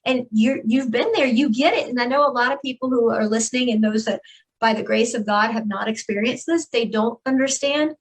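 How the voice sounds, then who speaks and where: A woman's voice: a little high, fairly quick, poor audio. A woman giving a candid, earnest personal testimony as a guest in an interview, with frequent fillers.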